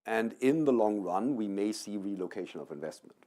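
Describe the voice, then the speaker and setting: A man on a panel from the plant breeding sector, explaining in a measured way with some fillers. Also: fairly low pitch, animated, warm tone. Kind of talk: panel discussion.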